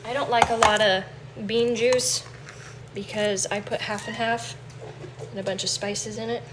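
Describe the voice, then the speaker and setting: A woman's voice: medium pitch, fairly even intonation, unhurried, very noisy. A woman chatting casually on a livestream from her home kitchen, talking to viewers. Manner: chatty, coos baby talk to her cat. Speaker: livestream host.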